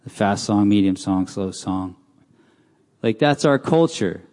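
A man's voice: fairly low pitch, expressive, measured pace, a little mellow. Man preaching in a reverberant hall. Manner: casual, asks the crowd questions. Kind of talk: conversational sermon. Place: church hall.

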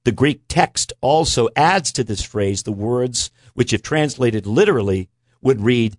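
A man in a conversational Bible teaching talk, earnest and emphatic, slowing down to stress key words. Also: medium pitch, expressive, no echo, studio quality. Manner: earnest, emphatic preaching cadence with slow stresses.

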